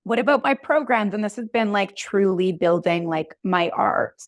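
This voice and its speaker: A woman in her thirties, a podcast guest and coach, telling her story in a chatty, animated way full of "like"s. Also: medium pitch, moderate pace, no room sound. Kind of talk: casual conversational interview.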